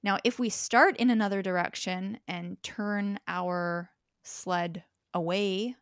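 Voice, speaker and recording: A young woman, a podcast guest, talks things through in a thoughtful, reflective way and builds her points with examples. Her voice sits at a middle pitch and sounds dry and close to the mic. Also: fairly even intonation, slow, clean tone, dry recording. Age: young adult.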